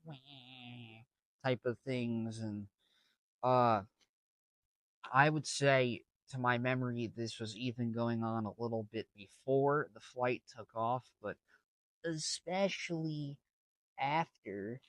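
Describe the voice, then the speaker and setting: A man's voice: medium pitch, slow, pauses often, dry recording. A man casually telling a story to camera, rambling with slang and many restarts. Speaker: vlogger.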